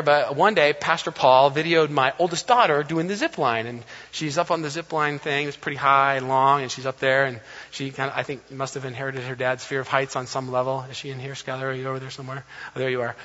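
A man in his thirties preaching a sermon as a pastor, telling stories in an animated way and acting out quotes playfully. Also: medium pitch. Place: church sanctuary. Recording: dull, long reverb of a church hall.

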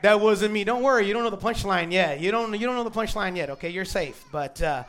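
A man's voice: high voice, fast talker, few pauses, music in the background. A man preaching a sermon to a church crowd in a conversational way, with asides to the congregation. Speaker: pastor.

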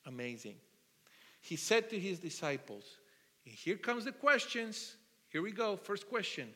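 A man preaching a sermon, telling the story in an animated way, asking the congregation questions and often restarting his sentences. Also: sits high, a little slow. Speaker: pastor. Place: church hall. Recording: long hall reverb.

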